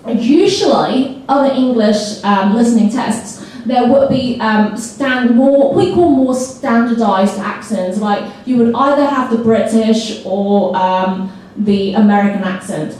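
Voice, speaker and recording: A woman with a fairly high, mellow voice leads a teacher seminar. She talks lively and keeps checking in with "okay?" along the way. The sound is roomy and echoey, picked up from some distance away. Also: measured pace. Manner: lively, acts out student reactions, many "okay?" checks. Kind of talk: teacher training seminar talk. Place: school hall or classroom. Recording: echoey room, voice from far off.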